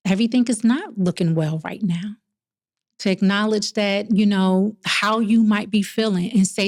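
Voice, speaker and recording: A woman therapist hosting an interview, speaking gently and reflectively with many pauses. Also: medium pitch, no echo, studio quality. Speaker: therapist and host. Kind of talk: conversational interview.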